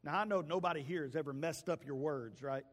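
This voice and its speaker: A man, a pastor giving a folksy, storytelling sermon that swings between loud calls and hushed asides. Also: a little high, fairly quick. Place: church sanctuary. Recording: long hall reverb.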